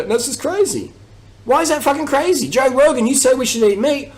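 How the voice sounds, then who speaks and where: A man's voice: extremely high pitch, lively intonation, brisk, poor audio. A man ranting on his vlog, aggressive and mocking, swearing heavily. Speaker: vlogger. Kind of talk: profane rant.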